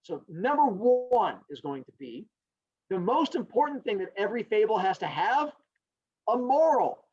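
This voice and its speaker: A man teaching a class, animated and joking as he talks straight to his students. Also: high-pitched, moderate pace, slightly rough, no room sound. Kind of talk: recorded classroom lecture. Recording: dull lo-fi sound.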